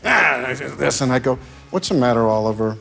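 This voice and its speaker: A man's voice: medium pitch, fairly even intonation, fast, vocal fry. An older American man telling long casual stories on talk shows, rambling, laughing, and restarting his sentences. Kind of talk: casual anecdotes.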